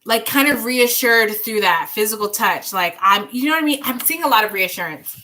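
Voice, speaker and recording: Fairly high-pitched and fairly quick, this young tarot reader's voice carries lively intonation and a sharp tone. Live-streaming her readings, she chats and rambles directly to viewers, reassures them, and breaks into snatches of song.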